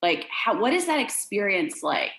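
A woman's voice: medium pitch, big pitch swings, normal speed, a bit bright, roomy sound, rough recording. A woman from Philadelphia with a Philadelphia accent, hosting a casual podcast interview and affirming her guest.

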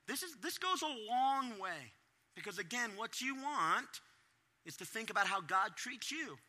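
A middle-aged man preaches to parents in a high, lively voice that leaps up and down as he acts out his own reactions. His tone is bright and forceful, never still for long. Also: unhurried. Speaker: pastor. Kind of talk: sermon to parents.

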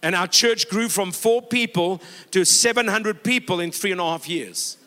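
Man preaching a sermon, high voice, bright tone, long church reverb, exhorting crowd. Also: moderate pace. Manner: exhorting, storytelling with quoted dialogue. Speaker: pastor.

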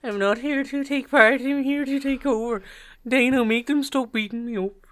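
A man putting on the voice of a boastful Irish male fighter, loud and swaggering. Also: very high-pitched, moderate pace, no echo, pitched above the performer's own voice.

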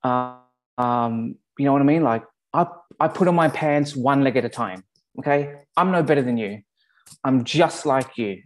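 A man with an Australian accent giving a conversational sermon, often pausing to check in with his listeners. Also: mid-range voice. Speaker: pastor.

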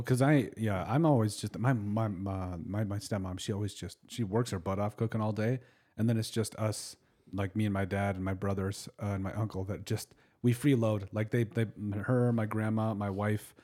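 A man chatting on a casual podcast, talking quickly in a lowish voice. He rambles, trails off mid-thought and circles back with fillers before landing his point. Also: steady tone, mellow. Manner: rambling, trails off and restarts often. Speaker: podcast host.

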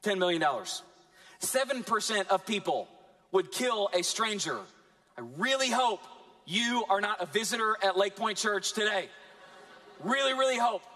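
Male pastor, high voice, lively sermon delivery with dramatic pauses. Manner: animated preaching with dramatic pauses.

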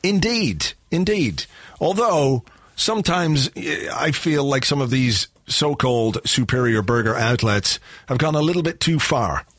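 Guy cohosting a footy podcast, dry close mic, jokey rambly chat, mid pitch. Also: expressive, normal speed, a bit bright, no room sound. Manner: wry, jokey, rambling asides. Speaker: podcast co-host. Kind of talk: casual chat.

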